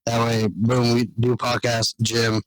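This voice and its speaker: A man's voice: medium pitch, monotone, measured pace, no echo, poor audio. Laid-back man, dry close sound. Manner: laid-back, plans aloud with filler words. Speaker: podcast host. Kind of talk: casual chat. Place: outdoors.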